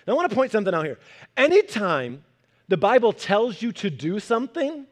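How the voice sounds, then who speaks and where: A young man preaching a sermon in an animated, conversational way, acting out quotes as he goes. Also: sits high, a little fast. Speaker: pastor.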